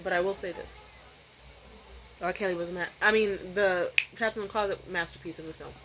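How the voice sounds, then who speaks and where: A young woman vlogging at home at night, telling a story in a profane, animated rant and mimicking other people's voices. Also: on the low side, brisk, background noise. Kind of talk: casual vlog rant.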